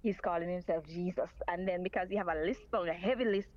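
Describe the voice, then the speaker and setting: A woman's voice: on the low side, quick pace, a little mellow. Lady calling into a radio show, says things twice, kinda muffled phone line. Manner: earnest, repeats her points. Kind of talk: talk radio call-in.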